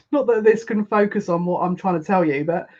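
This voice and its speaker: A psychic tarot reader, talking on a live stream in an excitable, breathless way, often breaking off mid-sentence. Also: medium pitch. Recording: dull lo-fi stream audio.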